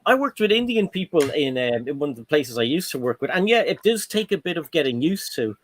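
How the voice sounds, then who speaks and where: A man, a guest on a casual livestream chat, telling stories in an animated way and acting out the voices he quotes. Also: a little high, fairly quick, no room sound.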